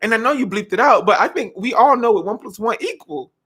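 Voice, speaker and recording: A woman's voice: fairly high pitch, quick pace, husky. A woman, chatting casually and dramatically to camera as a vlogger, laughing often and breaking into song. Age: 20s. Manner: animated, dramatic, laughs often, sings snippets. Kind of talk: casual chat.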